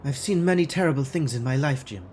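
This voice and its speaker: A man voicing a guarded, formal corporate woman scientist in a put-on German accent, with clipped, measured speech. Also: mid-range voice, animated, darkish tone, slight background noise, natural voice. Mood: grave. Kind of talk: video game dialogue read aloud.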